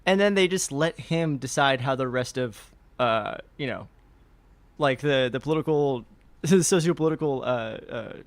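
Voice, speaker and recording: A man co-hosting a casual podcast chat, rambling and animated, acting out characters in quick asides. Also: medium pitch, no echo. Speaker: podcast co-host.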